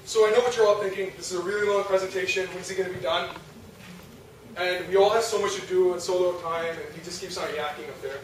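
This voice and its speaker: A young man with a high voice gives a talk to an audience. He keeps it chatty and ends sentences with "right?" He sounds far from the mic in a very echoey, noisy hall. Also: fairly even intonation, fast talker. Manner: conversational, asks the audience, frequent rhetorical "right?". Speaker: lecturer. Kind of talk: religious youth talk.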